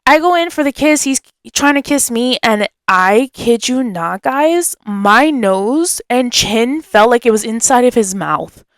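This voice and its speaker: A young woman hosting a podcast, telling a story in a chatty, animated way and acting out what people said. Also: a little high, a little slow, dry recording. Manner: animated, chatty, acts out quotes. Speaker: podcast host. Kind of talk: casual storytelling.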